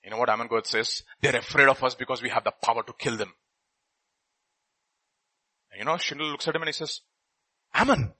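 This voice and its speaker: Animated husky-voiced male preacher. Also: on the high side, rough recording. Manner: animated, swings from loud bursts to quiet asides. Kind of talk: sermon with scripture reading.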